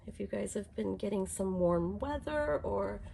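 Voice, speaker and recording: A woman's voice: medium pitch, animated, measured pace, gravelly, mellow, husky. A middle-aged woman with a cold, chatting on a live stream in a rambling way full of fillers and restarts, sounding congested. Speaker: doll collector streaming live. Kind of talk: casual live-stream chat.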